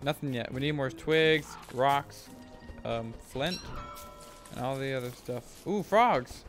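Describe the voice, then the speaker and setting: A man casually talking through his gameplay as a streamer, rambling and thinking aloud, with sudden excited whoops. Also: medium pitch, slow. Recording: game music playing under the voice. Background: game music.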